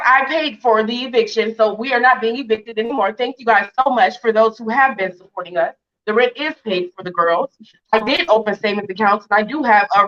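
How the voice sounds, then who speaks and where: A woman's voice: medium pitch, a bit bright. A woman giving a heated interview on a livestream, defiant and indignant, firing off rhetorical questions. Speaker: interview guest. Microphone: video call. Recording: muffled lo-fi stream audio.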